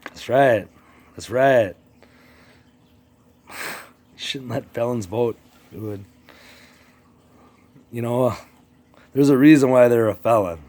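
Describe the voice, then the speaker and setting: A vlogger rants casually to his channel's viewers in a medium-pitched, slightly mellow voice, speaking slowly with long pauses. He rambles and swears, addressing politicians directly as if they were in front of him, though they aren't there.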